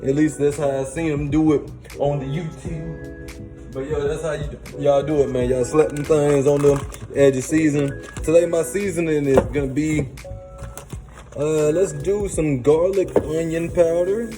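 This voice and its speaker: A man's voice: on the high side, fairly even intonation, a little slow, warm tone, low-quality recording. A man hosting a casual cooking demo, hyped and slangy, talking straight to his viewers from a kitchen. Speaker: cooking show host. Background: music playing.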